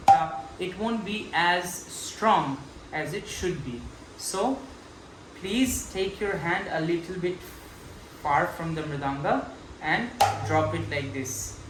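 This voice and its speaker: Male mridanga teacher, slow and patient, calls out drum syllables; echoey room, audible background noise. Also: high voice. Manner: patient, demonstrative, chanting drum syllables aloud. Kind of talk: slow step-by-step music lesson.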